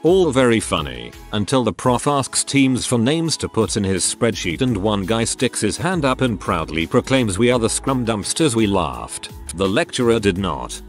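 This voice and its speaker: A man's voice: lowish voice, sing-song, normal speed, few pauses, soft background music. A man narrating online stories in a scripted, storytelling delivery.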